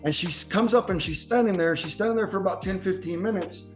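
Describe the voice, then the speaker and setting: A man's voice: sits high, fast talker, soft background music. A man hosting a podcast, telling long rambling stories in slangy talk full of "bro" and swearing. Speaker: podcast host. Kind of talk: casual podcast chat.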